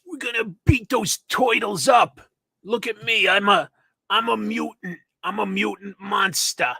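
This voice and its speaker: A man's voice: sits high, a little slow, vocal fry, pushed and bright, slightly rough, no room sound, heavily acted. A man voicing a goofy male mutant monster villain with boastful taunts.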